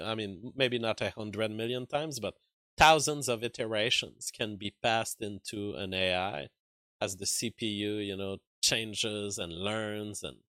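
A man's voice: lowish voice, sharp tone, dry recording. A man with a French accent hosting a livestream, reading chat and arguing back in loose, filler-heavy talk. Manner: argumentative, talks back to chat, many fillers and restarts. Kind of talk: casual livestream commentary.

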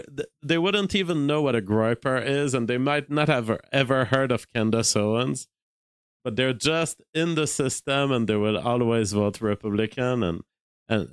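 A man from Quebec, a native French speaker with a Quebec French accent, hosting a live stream and thinking aloud in a measured way with frequent restarts. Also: mid-range voice, clear, resonant tone, no echo. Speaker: livestream host. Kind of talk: live-stream commentary, reading super chats.

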